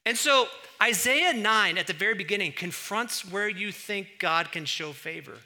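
A man preaching a sermon in an animated, emphatic way, full of rhetorical questions. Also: high voice, moderate pace. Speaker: pastor.

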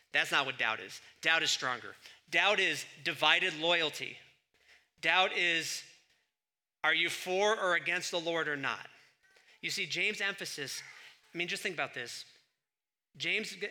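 Bright, animated male preacher. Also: fairly high pitch. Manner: animated teaching, sudden swings between loud and quiet. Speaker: pastor. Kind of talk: sermon.

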